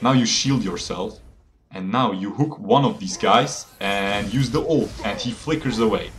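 A man's voice: on the low side, measured pace, slight background noise. Laughing, boastful young gaming streamer guy. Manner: boastful, playful, laughs often, calls viewers boys. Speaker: game streamer. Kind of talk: joking live gameplay commentary.

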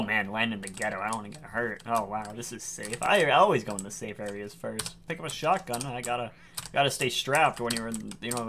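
Brief: young male gamer, bright voice, self-mocking ramble, faint hiss and keyboard clicks. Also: medium pitch. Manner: rambling, self-mocking, talks to himself while playing. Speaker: gaming YouTuber. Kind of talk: casual gameplay commentary.

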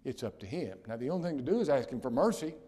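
A man preaching a sermon as pastor, with loud emphatic declarations that drop to hushed near-whispers and slow, weighty stresses on key phrases. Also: medium pitch, very animated.

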